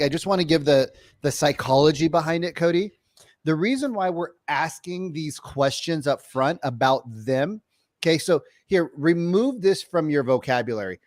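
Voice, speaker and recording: A man coaching on sales in casual podcast chat, animated and slangy, acting out calls in quick voices. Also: a little high, dry recording, clean studio sound. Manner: slangy, says bro and dude.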